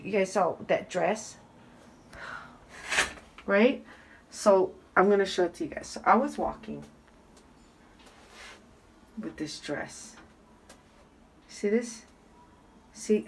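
A woman's voice: mid-range voice, low-quality recording. A woman vlogger telling a rambling personal story in a casual, chatty way, full of fillers and restarts. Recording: faint background water noise. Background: loud waterfall noise.

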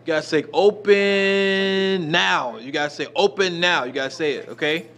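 A man's voice: sits high, moderate pace, fairly bright tone. A man filming on a phone, playfully coaxing a child and stammering over his repeats. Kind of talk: casual coaxing chat.

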